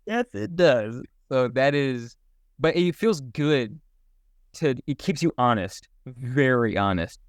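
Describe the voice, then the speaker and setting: Young male comedian, podcast guest, animated storyteller, smooth tone, dry close mic. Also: medium pitch, slow, dry recording. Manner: animated, laughs often, rambling storytelling. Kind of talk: casual podcast chat.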